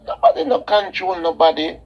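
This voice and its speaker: A man's voice: sits high, lively intonation, a little fast, highs cut off. A man with a Jamaican accent calling into a talk show, emphatic and repetitive, almost preaching. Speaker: caller. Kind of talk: call-in talk radio chat.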